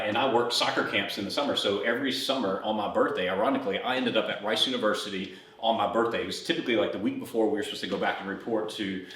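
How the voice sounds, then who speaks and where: A man in his forties with a lowish voice hosts a fitness podcast from a gym, coaching a workout while telling a rambling personal story. He is chatty and grows animated as he retells it. The distant mic picks up a roomy echo and slight background noise.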